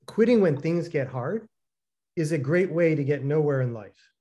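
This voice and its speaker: A man with a fairly high voice co-hosts a casual conversation. He talks in an animated way, full of fillers, and acts out the dialogue in his stories. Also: normal speed. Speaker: co-founder co-hosting a talk.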